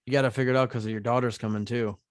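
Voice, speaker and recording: A man co-hosting a casual podcast on a studio mic, animated, swearing often and saying "dude" a lot. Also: medium pitch, very fast, no room sound. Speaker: podcast co-host. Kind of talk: casual banter.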